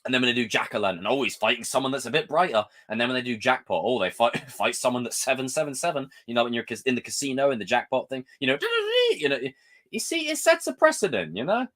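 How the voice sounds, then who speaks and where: A man rants casually on his live stream, exasperated and quick to swear. His pitch leaps up and drops away as he gets worked up, in a voice of ordinary height. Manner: animated, swears often, exasperated ranting.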